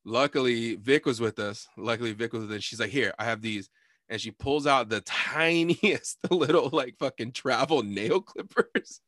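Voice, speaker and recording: A man's voice: medium pitch, normal speed, dry recording, clean studio sound. A young man telling a story in casual chat, cursing a lot and acting out quotes. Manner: animated storytelling, heavy cursing, acts out quotes.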